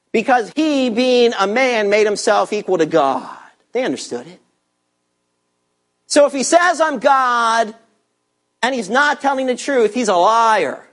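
A man's voice: extremely high pitch, expressive, unhurried, fairly bright tone. A man preaching a sermon, teaching verse by verse and asking his listeners rhetorical questions with strong emphasis. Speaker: pastor.

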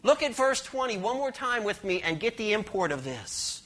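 A woman preaching a sermon, emphatic and questioning, leading the congregation in responses and slowing down to read verses. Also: big pitch swings. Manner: emphatic, rising to high passionate stress, slowing to read verses; asks the congregation questions and leads call-and-response.

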